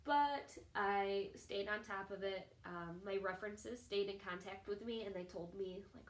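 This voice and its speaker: A young woman talking straight to her camera, telling a personal story in a chatty, animated way and acting out other people's lines. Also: normal speed. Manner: chatty, animated, acts out quoted people in a higher voice. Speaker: vlogger. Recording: echoey room.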